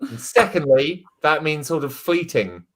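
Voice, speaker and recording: A man trades banter with his castmates, delivering dry, mock-pompous quips in a lively, swooping voice that sits a touch high. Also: a little slow. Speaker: improv performer.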